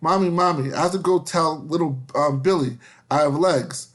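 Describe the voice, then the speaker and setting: A man voicing an eager little boy who pleads excitedly in a joke he tells. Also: fairly high pitch, moderate pace, natural voice. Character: eager little boy born as just a head.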